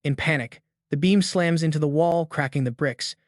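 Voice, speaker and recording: A man narrates a story recap in a steady, even way, and he reads the characters' quoted lines in that same plain tone. His voice sits a little high for a man. The recording is close and dry, with no room sound. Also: normal speed, dry recording.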